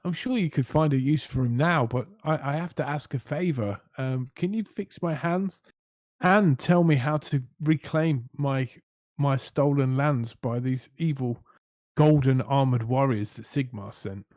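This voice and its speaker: A man's voice: mid-range voice, a little slow, a little mellow, no room sound, clean studio sound. A man playing a tabletop game, hesitant and jokey. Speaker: player. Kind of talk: tabletop role-play.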